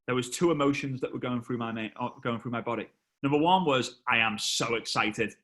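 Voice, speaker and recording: A man in his thirties, a motivational speaker who tells a personal story with animated, repetitive emphasis to a live online audience. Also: medium pitch, fast talker. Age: 30s. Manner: animated, exclamatory, repeats phrases for effect.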